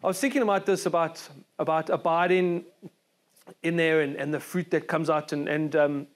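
A South African man preaches from a church stage, his voice sitting notably high for a man. He talks earnestly and conversationally, often restarting and repeating words as he goes. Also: fairly even intonation, moderate pace. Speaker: pastor. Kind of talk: sermon. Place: church service.

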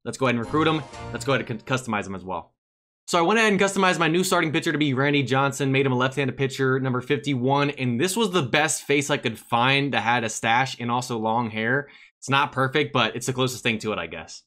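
Bright-voiced excitable male game commentator. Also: mid-range voice, quick pace. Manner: excitable, cheers loudly at big plays. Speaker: gaming channel host. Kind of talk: casual mobile game commentary.

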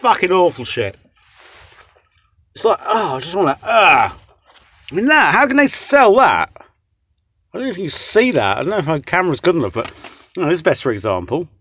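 A man in his twenties rants through a takeaway review, swearing nonstop. His pitch sits a touch high and swings widely as he rambles. He's recorded indoors on a phone held close. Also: very animated, moderate pace, pauses often, fairly bright tone, breathy edge. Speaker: vlogger reviewing takeaway food. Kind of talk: casual ranting food review.

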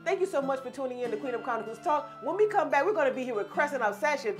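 A woman's voice: sits high, expressive, rapid-fire, over music. A woman hosting a talk show, chatting playfully and affectionately with a guest in casual slang.

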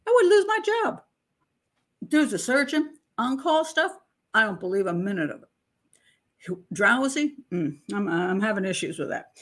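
A woman's voice: mid-range voice, animated, unhurried, sharp tone. An older woman hosting a casual true-crime commentary, talking emphatically and with open disbelief as she picks apart testimony. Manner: emphatic, incredulous, mocks testimony with acted-out voices. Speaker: criminal profiler and channel host.

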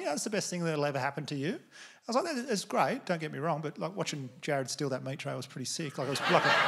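Bright-voiced Australian man doing stand-up. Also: fairly high pitch. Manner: rambling storytelling with swearing. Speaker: stand-up comedian. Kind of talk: stand-up comedy set. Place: theatre stage with live audience.

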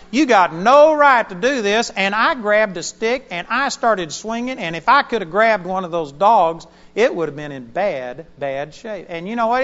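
A man preaching a sermon, telling a personal story in an animated way and chuckling now and then. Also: high voice. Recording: dull lo-fi sound with hall reverb.

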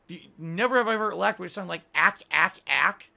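A man streaming live gameplay, ranting defensively with swearing and bursting into loud laughs between his commentary. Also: high voice, fairly quick, vocal fry, background noise. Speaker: video game streamer.

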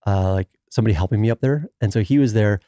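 A man, talking fast in a low, mellow voice. He tells a long story in casual conversation and acts out every quoted line. The sound is close and dry. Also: dry recording. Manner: animated storyteller who acts out quoted dialogue. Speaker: podcast guest.

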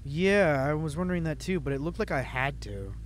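A man's voice: a little high, expressive, fairly quick, slight background noise. A young man giving casual, profane, jokey commentary while playing a game. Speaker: let's play host.

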